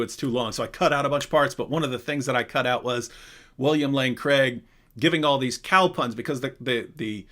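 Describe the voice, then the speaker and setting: Casting: man hosting a live Q&A, mid-pitched, conversational, rambling asides and restarts. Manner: animated, rambling, self-interrupting. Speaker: live Q&A host. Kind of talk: casual livestream chat.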